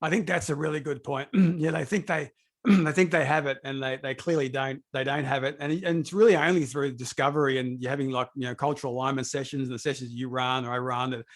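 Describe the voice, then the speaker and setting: A man's voice: mid-range voice, fairly even intonation, fast. A man hosting a podcast interview, talking in a loose, rambling way. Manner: rambling with fillers and restarts. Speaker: podcast host. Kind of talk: conversational interview.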